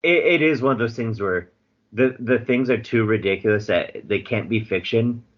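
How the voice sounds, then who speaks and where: A man's voice: mid-range voice, normal speed. Blunt, sardonic man on a podcast. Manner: blunt, sardonic, swears freely. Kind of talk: casual podcast chat. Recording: dull lo-fi podcast audio.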